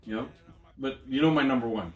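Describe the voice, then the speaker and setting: A man hosting a casual movie review podcast, rambling and excitable. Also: mid-range voice, brisk, echoey room, muffled recording, faint music behind. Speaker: podcast host.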